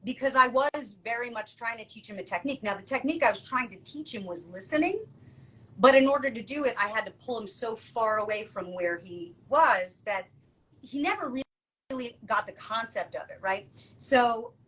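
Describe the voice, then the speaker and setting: A woman co-hosting a podcast, telling stories in a casual, lively way and acting out the quotes. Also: fairly high pitch, normal speed, slight background noise, low-quality recording. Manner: lively, acts out quotes, laughs often. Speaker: podcast co-host. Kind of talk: casual storytelling chat.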